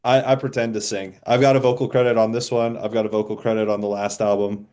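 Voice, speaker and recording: A man in his forties, a band's drummer, talking in a relaxed, rambling, self-deprecating way as a podcast guest. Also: lowish voice, quick pace, clear, resonant tone. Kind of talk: casual podcast chat.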